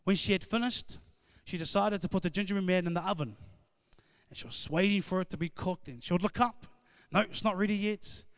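High-voiced male preacher. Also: fairly quick, clean tone, no echo, clean studio sound. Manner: rising to loud, emphatic call-and-response; conversational storytelling. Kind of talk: sermon.

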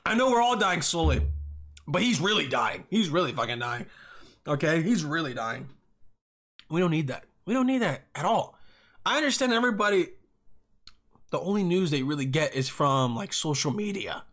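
A young man hosting a solo podcast, rambling and swearing, with bursts of yelling. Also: fairly high pitch, sing-song, moderate pace, pauses often. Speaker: podcast host.

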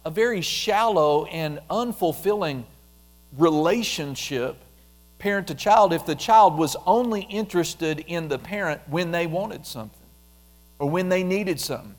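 A man preaching a conversational sermon, repeating phrases and dropping into a soft, quiet voice when he prays aloud. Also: on the high side, lively intonation, a little slow. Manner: conversational, repetitive, drops softly into prayer voice.

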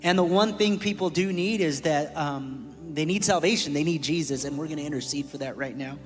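A man tells his story of faith from a church stage, candid and conversational, with a slightly high voice. His words ring through a large hall with long reverb, and soft music plays underneath. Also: fairly quick. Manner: candid, storytelling, jokes with the room. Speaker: church staff speaker. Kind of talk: testimony sermon. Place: church sanctuary.

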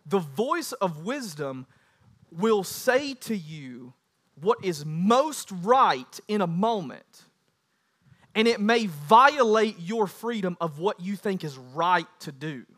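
Male pastor, 30s, sermon delivery: high bright voice, emphatic and animated. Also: slow pace. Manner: animated preaching, rising to loud emphatic bursts.

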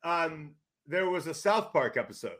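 A middle-aged man from California, a sports journalist and guest, telling loud, rambling stories in casual podcast chat. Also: fairly high pitch, moderate pace. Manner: animated storyteller, loud, rambling with restarts.

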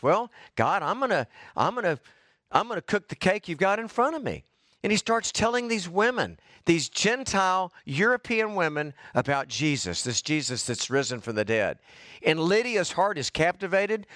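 A middle-aged man preaches a fervent sermon, breaking into exclamations of praise. His voice sits fairly high for a man, and the recording is dry and close, with little room sound. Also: a bit bright, dry recording. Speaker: pastor.

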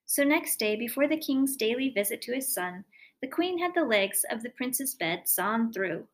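A woman reading a fairy tale aloud, her storytelling expressive and lively. Her voice sits a little high for a woman and moves freely with the tale. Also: normal speed.

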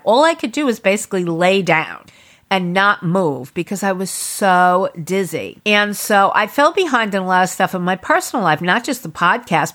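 A woman's voice: fairly low pitch, a bit bright. Chatty, frank middle-aged woman podcaster. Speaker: podcast host. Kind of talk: casual solo podcast talk.

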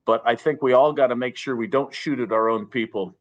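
Measured male lawyer guest. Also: medium pitch, dull audio. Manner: earnest, measured, repeats himself. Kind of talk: podcast interview.

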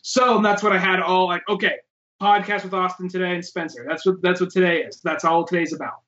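A man's voice: high-pitched, steady tone, a little fast, a bit bright. A man co-hosting a podcast in casual chat, telling rambling stories and swearing freely. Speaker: podcast co-host. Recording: dull lo-fi call audio.

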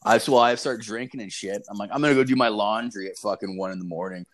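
A young man with a somewhat low voice spins a rambling, profane story. His delivery is loose and casual, packed with filler and curse words. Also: fast.

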